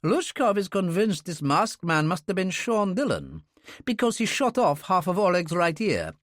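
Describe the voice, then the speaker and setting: A man's voice: sits high, big pitch swings, normal speed, fairly bright tone, dry recording, clean studio sound, voice pushed up. A man reading an audiobook, voicing an anxious, apologetic friend in a raised, pleading tone. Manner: pleading, agitated.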